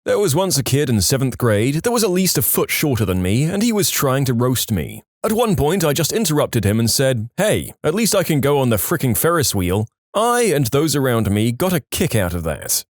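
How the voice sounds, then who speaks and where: A man reads reddit stories aloud with a lively, sing-song delivery that rises and dips through each anecdote. His pitch sits in a middle range. The recording is dry and close, with no room sound. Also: moderate pace, hardly any pauses, no room sound. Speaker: narrator.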